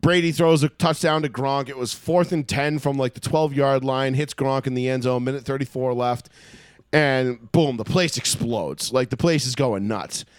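A man telling a story loudly and profanely in a casual podcast chat. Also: medium pitch, moderate pace, smooth, no room sound, studio quality. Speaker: podcast co-host.

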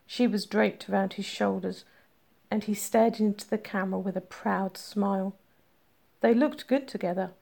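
A woman narrating a romance story in a steady, measured reading voice. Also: medium pitch, gravelly. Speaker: audiobook narrator. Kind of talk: scripted narration.

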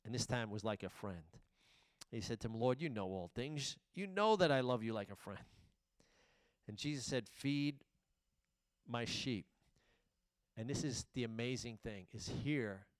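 Man preaching with dramatic loud-soft swings. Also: mid-range voice, lively intonation, measured pace, long pauses, no room sound. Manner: dramatic retelling, swings between loud and hushed. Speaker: pastor. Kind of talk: sermon.

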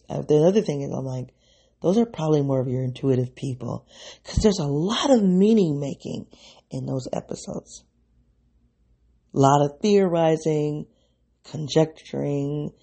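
Man, solo podcast host, gravelly and husky, dark mellow tone, rambling reflective monologue. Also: a little high. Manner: rambling, self-interrupting, addresses listeners as "y'all".

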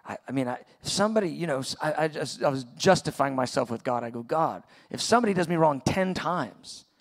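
A pastor in his forties preaching a sermon, telling a personal story in a conversational, halting way. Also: mid-range voice. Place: church auditorium.

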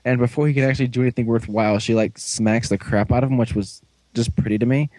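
A man's voice: medium pitch, fairly even intonation, darkish tone, dry recording, rough recording. Rambling man recapping a show, dry sound. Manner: rambling, acts out characters' lines in quick put-on voices. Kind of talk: casual episode recap.

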